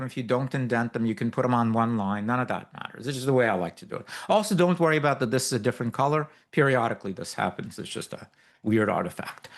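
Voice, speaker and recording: A man runs a live software demo for a workshop audience. He explains each step loosely, with many fillers and quick asides, in a mid-pitched voice. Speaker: workshop instructor.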